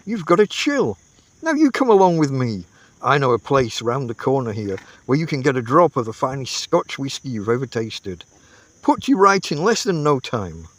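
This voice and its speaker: A man putting on a jovial pub-loving gentleman. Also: mid-range voice, very animated, normal speed, no room sound. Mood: hearty coaxing. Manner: jovial, coaxing. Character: hearty, comforting Englishman who always knows a pub.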